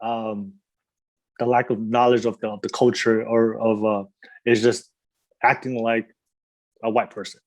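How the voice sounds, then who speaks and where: A man's voice: lowish voice, little pitch movement, a little slow, long pauses, a little mellow. A man hosting a podcast, chatting casually with his guest. He talks hesitantly, circling back and repeating words as he works through his questions. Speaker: podcast host. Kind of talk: casual interview conversation.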